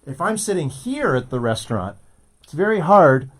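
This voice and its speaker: A man's voice: fairly high pitch, sing-song, moderate pace. A man hosting a casual morning show, teasing his co-host and telling stories. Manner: teasing, storytelling.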